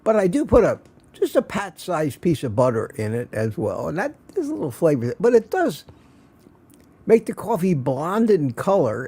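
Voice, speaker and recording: A man's voice: fairly high pitch, darkish tone, slightly rough. An older man hosting a casual morning livestream, greeting viewers by name in a chatty, self-mocking way. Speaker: livestream host.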